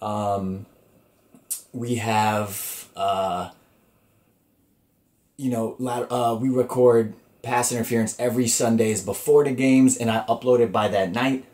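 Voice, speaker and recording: A man's voice: medium pitch, fairly even intonation, slow, a little mellow. A man hosting his own comedy podcast alone, talking loosely and profanely with lots of fillers and restarts. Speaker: podcast host. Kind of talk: casual solo podcast talk.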